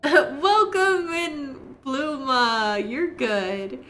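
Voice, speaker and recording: A woman streaming a game live, relaxed and talking to herself as she plays. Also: fairly high pitch, takes it slowly, creaky.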